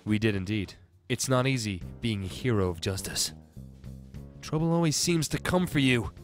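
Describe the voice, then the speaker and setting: A man voicing a suave male pigeon with a put-on French accent, smooth and theatrical. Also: medium pitch, expressive, moderate pace, faint music behind, natural voice.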